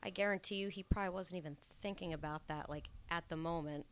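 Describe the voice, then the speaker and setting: A woman's voice: on the low side, steady tone, quick pace. A woman guest on a chat show, talking bluntly in short reactions. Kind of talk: casual chat.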